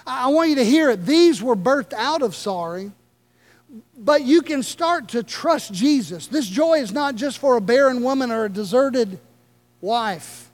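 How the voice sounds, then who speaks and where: A man preaching a sermon as pastor, with impassioned delivery and dramatic slow pauses. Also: very high-pitched, animated. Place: church sanctuary.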